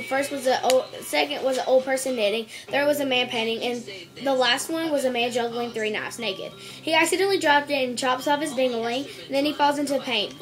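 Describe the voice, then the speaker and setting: A woman reading out a string of jokes for a home video, stumbling over words, restarting and clearing her throat. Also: high-pitched. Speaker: joke-telling video maker.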